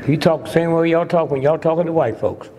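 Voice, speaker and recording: A man's voice: fairly high pitch, quick pace, noisy background. A man in his eighties giving a comedic lecture to a live audience, preacherly and teasing, asking "hmm?" after nearly every point. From United States. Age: 80s. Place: large lecture hall. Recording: lecture hall with long reverb.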